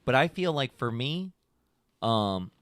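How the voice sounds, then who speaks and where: A man's voice: medium pitch, very animated, slow, fairly bright tone, smooth. A man hosting a podcast, chatting casually and rambling a little, with plenty of "like"s and "you know"s, on a podcast microphone. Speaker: podcast host. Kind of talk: casual chat.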